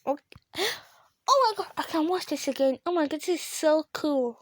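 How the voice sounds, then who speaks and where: A female gamer giving excited let's-play commentary to her viewers, gasping and exclaiming often. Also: high-pitched, normal speed, no room sound, studio quality. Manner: drops to a whisper at times. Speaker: gaming channel host.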